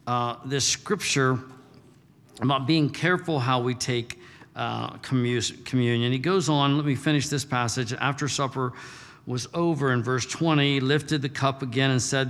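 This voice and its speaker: A male pastor delivers a sermon in a relaxed, conversational way, moving between scripture reading and casual asides. His voice sits in a middle register. The sound carries a long reverb from a large hall. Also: medium pitch.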